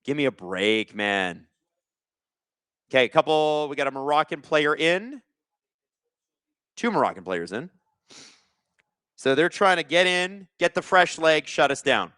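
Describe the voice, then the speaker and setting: A young man hosting a live watch-along, reacting to the game with sarcastic, excitable commentary. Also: fairly high pitch, normal speed, long pauses, smooth, dry recording, studio quality. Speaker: live stream host.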